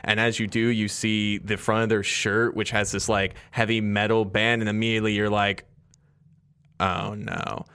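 A man's voice: on the low side, flat delivery, fairly quick, hardly any pauses, bright, forceful tone, clear, resonant tone. A man running a tabletop game, narrating scenes in a loose way with many fillers. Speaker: game master.

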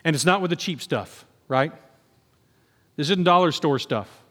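A man preaches in a church sanctuary, his fairly high voice carried by a long hall reverb. He drops to quiet scripture reading, then bursts into excited, animated lines. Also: measured pace, long pauses. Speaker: pastor. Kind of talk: sermon.

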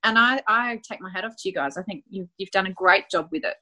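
Bright-voiced Australian woman guest. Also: medium pitch, fast. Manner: warm, effusive, rambling with fillers. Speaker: guest, award finalist. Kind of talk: casual conversational interview.

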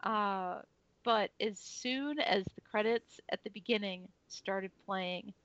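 A woman's voice: medium pitch, takes it slowly, fairly bright tone, no echo. Enthusiastic female podcast co-host, filler-heavy; dry, muffled lo-fi recording. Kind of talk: casual chat. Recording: dry dull lo-fi audio.

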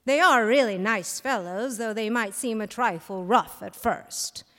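A woman's voice: a little high, unhurried, a bit bright. A woman voicing a battered young man who speaks solemnly and with formal, defiant politeness. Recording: long hall reverb, live stage.

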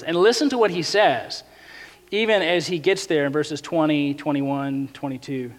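A man preaching a sermon in a casual, animated way, often acting out quotes in other voices. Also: fairly high pitch, normal speed, in a large hall. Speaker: pastor.

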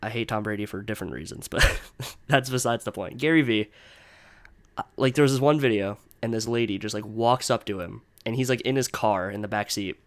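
A man's voice: fairly low pitch, brisk. A young man talks alone into his podcast mic in a loose, rambling rant. He sounds exasperated and swears freely, and he leans hard on filler words as he goes. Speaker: podcast host. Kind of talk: casual solo rant.

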